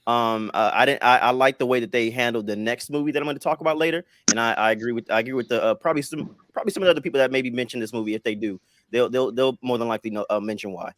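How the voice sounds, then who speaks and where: A man on a casual podcast panel, explaining his film rankings in a halting way, repeating words and leaning on fillers. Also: mid-range voice, a bit bright, no room sound.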